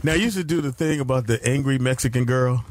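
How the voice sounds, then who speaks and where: A man's voice: medium pitch, fast, a little mellow, slight background noise. A man hosting a casual radio talk show, loose and profane, prompting his guests for stories.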